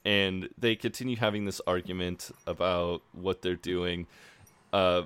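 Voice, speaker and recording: A man's voice: sits low, little pitch movement, measured pace, a bit bright, smooth, no room sound. A man co-hosting a podcast in casual chat, recapping a TV episode with jokes and plenty of swearing. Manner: joking, swears freely. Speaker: podcast co-host.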